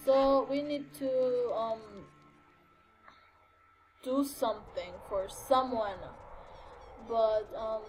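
This young woman's voice is on the high side and a little mellow, with fairly even intonation, drawn-out words and frequent pauses. As a gaming channel host, she offers casual, scattered let's-play commentary full of fillers and exclamations. Game music plays faintly in the background.

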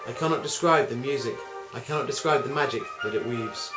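A man softly voicing a gentle kitchen maid. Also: mid-range voice, brisk, lightly acted. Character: humble young kitchen maid, gentle and patient. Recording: roomy, with music behind.

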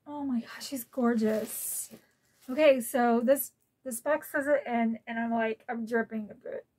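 Gushing, slow-talking woman from Florida. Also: a little high, steady tone, a little mellow. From Florida, USA. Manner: gushing, emotional, easily moved to tears. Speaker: collector vlogger. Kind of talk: gift unboxing vlog.

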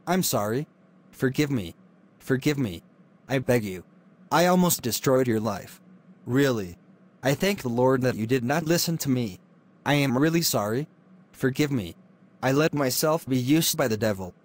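A man's voice: mid-range voice, expressive, moderate pace, long pauses, close to an everyday voice. A man voicing a remorseful male friend in a cartoon, speaking in a pleading, apologetic way.

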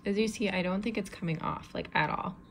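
A woman keeper talking casually in a vlog, chatty and soft-spoken, cooing to her pet spider. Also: mid-range voice, brisk, gravelly, background noise. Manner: chatty, talks softly and coos to the spider. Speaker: tarantula keeper.

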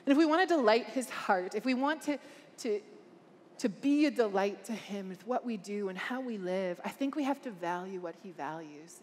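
An earnest woman preaches to a gathered crowd, her voice carrying with a long echo through a large hall. She speaks with emphatic conviction, turning questions out to her listeners, over a faint hum of room ambience. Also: medium pitch. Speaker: conference speaker. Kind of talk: preaching a talk.

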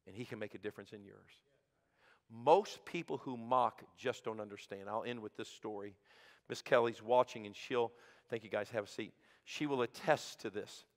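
A man preaching a sermon as pastor, swinging from shouted peaks to hushed low asides. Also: moderate pace. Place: church sanctuary. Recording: sanctuary with long reverb.

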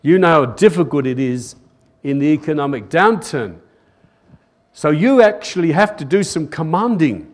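A man's voice: a little high, lively intonation, moderate pace. Older man preaching a rousing sermon. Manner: rousing preaching, repeated calls of "Amen?" to the congregation; emphatic repetition of phrases. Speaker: pastor. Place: church service, recorded live.

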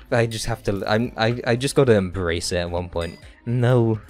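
A man's voice: on the low side, normal speed, hardly any pauses, a little mellow, faint music behind. Man streaming, mock-dramatic whining. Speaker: game streamer. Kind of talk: casual live-stream chat while gaming.

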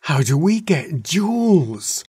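A man voicing a gang of giddy, excited young dragons in a storybook reading. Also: fairly high pitch, takes it slowly, husky, no echo, voice pushed up, full character voice. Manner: excited, shouting.

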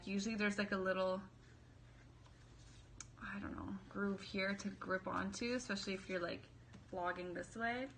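A young woman chats through an unboxing in a bubbly, self-deprecating way, leaning on fillers as she goes. She talks at an unhurried pace. A faint hiss sits under her voice. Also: mid-range voice, a bit bright. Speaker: vlogger. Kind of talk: casual unboxing vlog.

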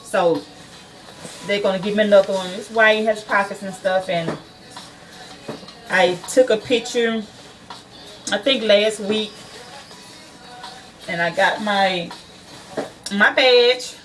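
A woman's voice: mid-range voice, slow pace, pauses often, distant mic, faint music behind. A woman who is a nail school student chats casually to her viewers from her car, swearing freely and calling them y'all.

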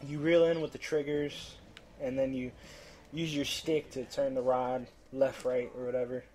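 A little hiss or hum sits under this man's darkish, medium-pitched voice, delivered flatly at normal speed. He's a let's-play commentator who pleads with the fish, cursing and trash-talking them, then turns frustrated.

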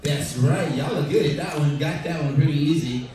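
Upbeat cruise director, echoey theater PA. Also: male voice, a little high, normal speed, heavy background noise. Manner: upbeat, chatty, joking with the crowd. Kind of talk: live stage hosting with audience trivia. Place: large ship theater stage. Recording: distant, echoey theater PA recording. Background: audience crowd reacting.

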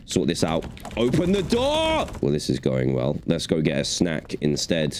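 A man's voice: extremely low pitch, steady tone, moderate pace, background noise. A young man giving chatty, playful commentary while playing a video game. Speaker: gaming YouTuber. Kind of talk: gaming commentary.

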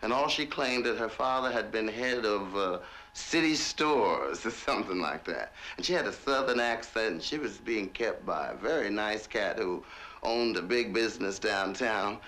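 A man's voice: fairly low pitch, expressive, moderate pace, pushed and bright. A man telling stories in a monologue, laughing often in a mocking, theatrical way as he is filmed for a documentary. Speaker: documentary subject. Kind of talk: storytelling monologue.

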